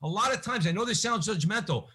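A man's voice: high-pitched, animated, fast, bright, forceful tone, breathy edge. A man hosting a podcast, speaking earnestly and urging listeners to act. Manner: earnest, exhorting. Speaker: podcast host. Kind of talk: earnest interview talk.

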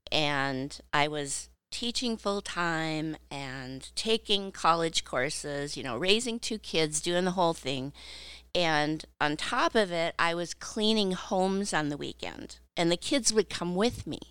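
A middle-aged woman with a smooth, clear voice, talking at an unhurried pace. She tells a story casually and laughs easily. The recording is dry and close. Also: fairly low pitch, expressive, a bit bright, no echo. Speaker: podcast co-host. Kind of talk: casual chat.

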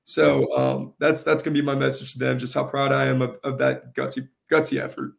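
A man, a high school soccer coach in a casual interview, with a gravelly, carrying voice and an earnest, halting way of repeating words. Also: monotone.

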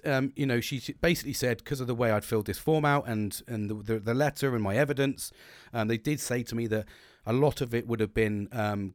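A man's voice: medium pitch, dry recording, studio quality. A young man hosting a podcast, talking bluntly and rambling, with plenty of swearing. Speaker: podcast host. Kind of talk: candid solo podcast monologue.

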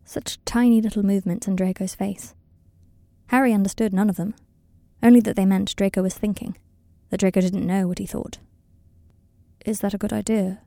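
A woman reading a story aloud in calm, even scripted narration, recorded close to the mic. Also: mid-range voice, a little fast, no room sound. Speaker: audiobook reader.

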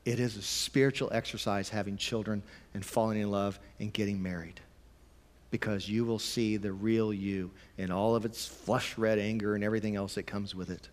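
A man preaching a conversational sermon, sometimes emphatic and sometimes dropping to a quiet, low voice. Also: fairly even intonation, moderate pace, big-room sound. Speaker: pastor.

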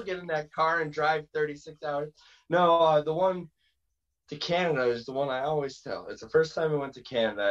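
A man, a pro wrestler guest, telling stories in a casual interview, lively and quick to slip into quoted voices and asides. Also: medium pitch, lo-fi sound.

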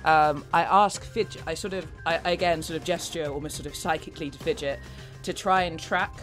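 A man's voice: a little high, steady tone, brisk, fairly bright tone, faint music behind. A man playing a tabletop role-playing game, chatty and a bit hesitant. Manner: chatty, hesitant, laughs often. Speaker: player. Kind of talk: casual tabletop play.

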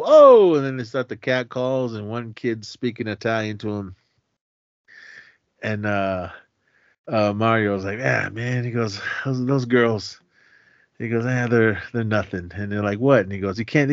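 In a casual podcast chat, a man with a mid-range voice retells a film's plot, loudly acting out what the characters say and chuckling throughout. The recording is lo-fi, dry and somewhat dull, without echo.

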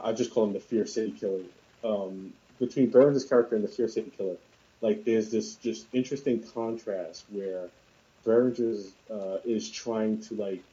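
A man's voice: fairly low pitch, dark tone. A man chatting casually about films on a podcast, rambling with lots of fillers and restarts. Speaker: podcast co-host discussing films. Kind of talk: casual chat. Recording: dull lo-fi sound.

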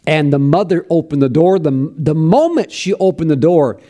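A man's voice: fairly high pitch, expressive, moderate pace, warm tone. A man preaching a sermon, telling a story with fervent emphasis and bursts of praise.

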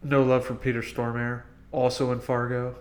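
A man's voice: mid-range voice, level tone, moderate pace. A man with a mid-range voice adds dry wisecracks to a movie podcast chat. He speaks casually and briefly. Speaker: podcast co-host.

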